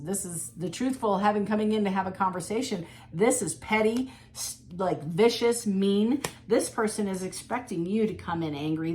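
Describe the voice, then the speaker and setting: A woman reading tarot cards in a casual, animated monologue, acting out quoted voices and laughing often. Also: medium pitch. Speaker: tarot reader.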